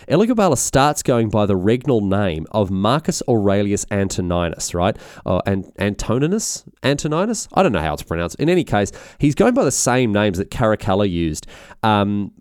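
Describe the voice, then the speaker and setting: Irreverent male narrator, rambling and animated, with a dry close sound. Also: lowish voice, smooth, dry recording. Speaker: history storyteller. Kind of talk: comedic history narration.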